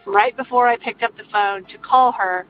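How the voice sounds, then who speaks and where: An older woman with a fairly high voice tells her own ghost story in a relaxed, earnest way, often pausing as she goes. The recording sounds a little muffled, with soft music playing underneath. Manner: earnest, meandering, with many pauses. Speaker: caller sharing a ghost story. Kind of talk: casual personal storytelling. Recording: slightly muffled, faint music behind.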